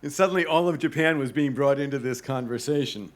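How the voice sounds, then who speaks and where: A man giving a talk to an audience, telling a travel story with lively pacing and acting out the voices of people in it. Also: medium pitch, quick pace. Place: club event hall.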